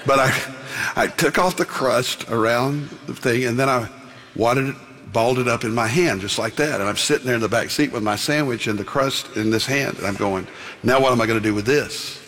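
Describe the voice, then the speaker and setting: A man's voice: mid-range voice, moderate pace, a bit bright. A man preaching a sermon, telling a personal story and then preaching emphatically. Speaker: pastor. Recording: long hall reverb.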